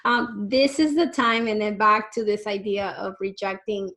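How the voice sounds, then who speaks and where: A woman in her forties, a parenting educator, giving an online lecture in a lively, conversational way and addressing parents directly with rhetorical questions. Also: mid-range voice, unhurried, few pauses. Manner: animated, speaks straight to parents with rhetorical questions; conversational, with fillers and restarts.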